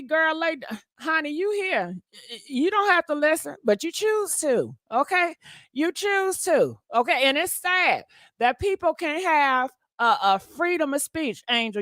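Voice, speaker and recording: A woman's voice: high-pitched, a bit bright, no echo, studio quality. A woman hosting a casual livestream, sassy and profane, talking straight to her chat and laughing often. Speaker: livestream commentary host.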